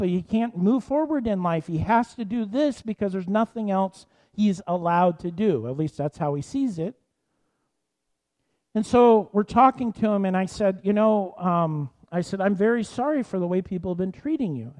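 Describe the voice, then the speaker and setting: A man preaching with a high, mellow voice. He tells his story with animated energy and prays in a hushed, earnest way. His delivery is that of a minister speaking to a congregation. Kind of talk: sermon story and prayer.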